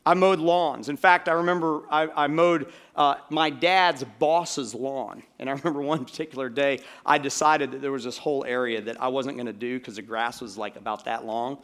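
A man's voice: mid-range voice, steady tone, moderate pace, hardly any pauses, a bit bright. A middle-aged man from Georgia preaching a sermon as pastor, in a conversational way with many fillers and asides to the congregation. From Georgia, USA.

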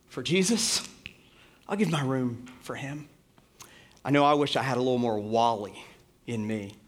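A middle-aged man, the pastor, preaching a sermon in a relaxed, conversational way, telling a story with plenty of fillers. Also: fairly high pitch. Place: church.

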